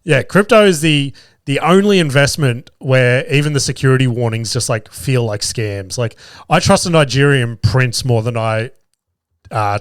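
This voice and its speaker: A man's voice: medium pitch, clear, resonant tone, no room sound, clean studio sound. A young Australian man hosting a podcast, telling casual stories in a profane, self-mocking way and acting out the other people in them. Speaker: podcast host. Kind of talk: casual storytelling chat.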